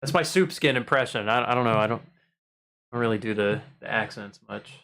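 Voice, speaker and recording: Pushed and bright, this mid-range male voice moves at normal speed. He's a livestream host in playful, casual conversation with his live viewers, rambling with lots of ums and repeated phrases.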